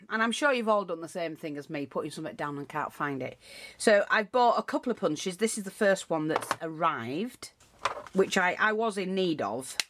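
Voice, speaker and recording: A woman's voice: medium pitch, a bit bright. A woman giving a casual, rambling craft tutorial, full of asides and restarts.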